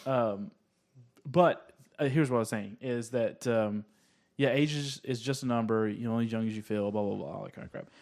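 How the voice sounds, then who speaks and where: A man in his thirties co-hosting a casual comedy podcast, talking haltingly with many fillers. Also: medium pitch, a little mellow. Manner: halting, filler-heavy, laughs at his own jokes. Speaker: podcast co-host.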